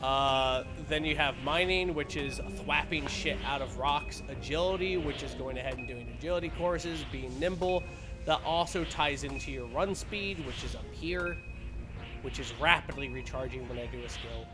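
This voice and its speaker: A man's voice: fairly high pitch, moderate pace. A young man streaming a game, explaining it in playful casual chat with silly sound words, game music behind.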